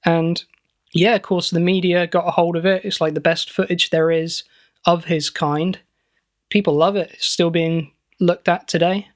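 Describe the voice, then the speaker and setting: A man co-hosting a comedy podcast, telling a mock-serious story with deadpan banter. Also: a little high, normal speed. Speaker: podcast co-host.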